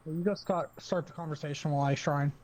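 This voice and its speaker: Higher-voiced man in teasing gaming banter. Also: steady tone, fast talker, darkish tone, a little hiss or hum. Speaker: co-op gaming partner. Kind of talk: casual chat while gaming.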